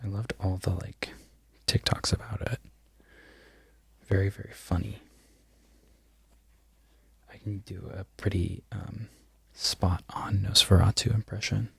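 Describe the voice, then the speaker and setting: A man in a whispered ASMR ramble who loses his train of thought and laughs softly at himself. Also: sits low, flat delivery, measured pace, vocal fry, long pauses, breathy edge, no echo. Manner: mostly unvoiced whisper. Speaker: crochet content creator.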